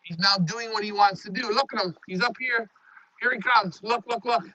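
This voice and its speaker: A man talking loudly to his pigeons as he shows his loft on a live phone stream. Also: high-pitched, moderate pace, no room sound. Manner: loud, talks to his birds. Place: pigeon loft, outdoors nearby. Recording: dull lo-fi stream audio.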